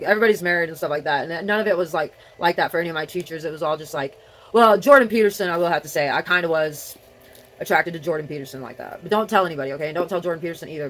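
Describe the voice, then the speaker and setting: A woman's voice: on the low side, a bit bright, slight background noise. Rambling middle-aged woman talking to herself. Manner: scattered, talking to herself, trailing off. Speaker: vlogger. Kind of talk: rambling solo video chat.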